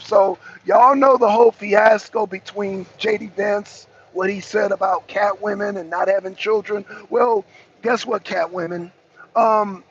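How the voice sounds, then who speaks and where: A man with a high, gravelly voice hosts his own channel, ranting in a profane, repetitive, worked-up way. The recording is dull and lo-fi, with a faint hum of ambience behind him. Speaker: channel host. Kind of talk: ranting commentary monologue.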